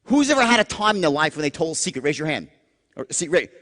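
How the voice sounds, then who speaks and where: A man giving a live sales seminar, animated and profane, acting out tones and dropping into sudden whispers. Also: on the high side, fast. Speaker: sales trainer. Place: large seminar room. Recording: long hall reverb.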